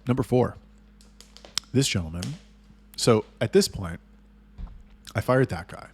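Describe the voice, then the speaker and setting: A man telling a business story in a casual monologue, blunt and full of swearing, getting loud and heated as he retells arguments. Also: mid-range voice, expressive, unhurried, a little hiss or hum. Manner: blunt, heavily profane storytelling. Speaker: agency owner telling business stories.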